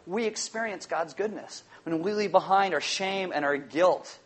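A pastor with a notably high voice for a man preaches to his congregation. He's emphatic, repeats his main refrain, and slows down so key phrases land.

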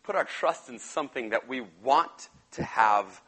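Animated young man preaching. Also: mid-range voice, a little slow, breathy edge, poor audio. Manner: animated, slangy, acts out the characters. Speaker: pastor. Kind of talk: casual youth sermon retelling a Bible story.

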